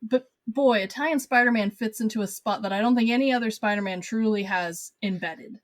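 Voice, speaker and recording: A woman chatting casually as a podcast guest, thoughtful and quick to laugh. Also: fairly high pitch, no echo. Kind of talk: casual chat.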